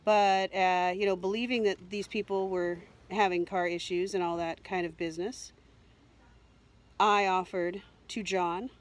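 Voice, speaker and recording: Rambling upset woman vlogger. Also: fairly low pitch. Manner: rambling, upset, frequent fillers and repeats. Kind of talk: emotional personal storytelling.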